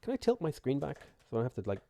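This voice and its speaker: A man with a sore throat, chatting in a relaxed way as he streams a strategy game, reads chat aloud and mutters his moves. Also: medium pitch, rapid-fire, gravelly. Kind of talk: live gameplay commentary, reading chat.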